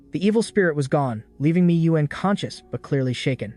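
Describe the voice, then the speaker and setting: A man's voice: fairly high pitch, expressive, fairly quick, darkish tone. Man narrating a dramatic story recap. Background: faint background music.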